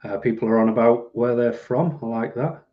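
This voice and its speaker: A man's voice: mid-range voice, moderate pace, highs cut off. A middle-aged man chatting casually on a live stream at home, rambling and self-deprecating as he reads out viewer comments. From United Kingdom.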